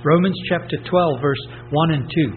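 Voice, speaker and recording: A man's voice: fairly high pitch, moderate pace, soft background music. A man preaching a sermon emphatically, repeating key phrases and asking rhetorical questions. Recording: tinny phone-like sound with hum.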